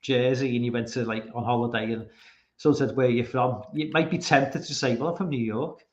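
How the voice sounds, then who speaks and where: Casual podcast guest: man, rambling and self-repeating, mid-pitched voice, recorded in an echoey room on dull lo-fi audio. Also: fairly even intonation, brisk. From England. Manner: rambling, repeats words while thinking. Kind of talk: casual chat. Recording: roomy, dull lo-fi sound.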